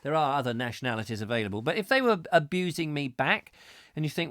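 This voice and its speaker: A man's voice: a little high, animated, fast, a bit bright, no room sound, studio quality. A middle-aged man hosting a live comic chat show, reading out viewer comments with playful, rambling jokey asides.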